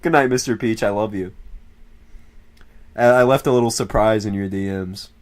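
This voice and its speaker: A man's voice: lowish voice, moderate pace. Rambling, profane young male streamer. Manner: rambling, profane, laughs often. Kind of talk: casual stream chat.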